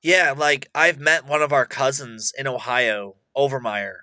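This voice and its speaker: A young man rambling boastfully to camera, excitable, swinging between loud bursts and mutters. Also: medium pitch, a little slow. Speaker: vlogger.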